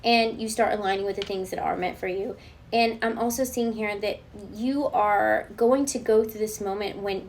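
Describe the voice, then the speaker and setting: Woman doing a tarot reading, earnest and reassuring, keeps checking in with viewers, faint hiss. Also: medium pitch. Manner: reassuring, often checks in with the listener; earnest and spiritual, talks straight to the viewer. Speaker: tarot card reader. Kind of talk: spoken tarot reading, channeled guidance.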